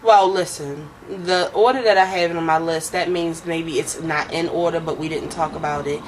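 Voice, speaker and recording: A woman's voice: deep voice, fairly even intonation, normal speed, slight background noise, rough recording. A woman casually recapping a TV drama episode with a co-host, swearing and acting out the characters' lines.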